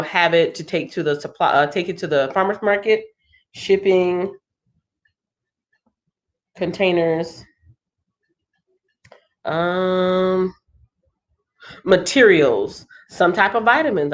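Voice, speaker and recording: A woman hosting a casual livestream walkthrough. She sounds congested and thinks aloud in a chatty way. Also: fairly low pitch. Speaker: livestream host.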